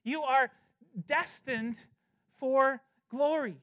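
A preacher giving an expository sermon, emphatic, slowing down to stress key phrases and often repeating words while restarting. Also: sits high, fairly bright tone.

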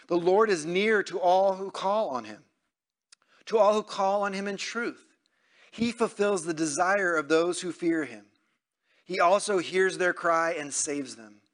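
A man's voice: fairly high pitch, a bit bright. A man preaching a sermon to his congregation in a conversational way, asking them questions and acting out quoted prayers. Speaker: pastor.

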